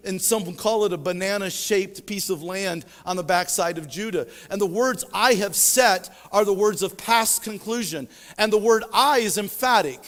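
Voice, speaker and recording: A man's voice: high voice, a bit bright. Guy preaching a sermon, rises and drops for emphasis, echoey church sound. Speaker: pastor. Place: church sanctuary.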